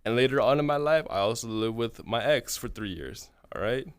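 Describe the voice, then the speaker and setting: A young man streams a long, rambling story, swearing freely and checking in with "right?" after almost every phrase. His voice sits at an ordinary middle pitch. It is recorded close and dry, with no room sound. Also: lively intonation, clear, resonant tone, no echo. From California. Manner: profane, rambling, fills every pause with "right?". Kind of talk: casual storytelling to chat.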